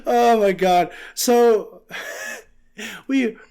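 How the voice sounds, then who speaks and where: A man's voice: high-pitched, very slow, vocal fry, a little hiss or hum. A man in his twenties on a podcast, telling a story in casual chat, swearing freely and acting out what people said. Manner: animated, swearing, acting out quotes. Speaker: podcast co-host.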